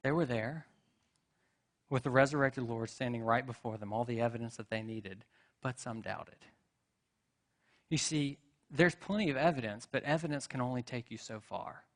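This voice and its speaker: A man's voice: medium pitch, moderate pace, pauses often. A man preaching a sermon in a church, telling stories in a conversational way with asides and rhetorical questions. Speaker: pastor. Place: church sanctuary.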